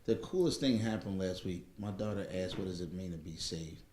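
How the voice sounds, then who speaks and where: A man's voice: deep voice, brisk, darkish tone. A middle-aged man in casual chat, telling his story in a reflective way and often asking "you know what I mean.". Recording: echoey room, faint background noise.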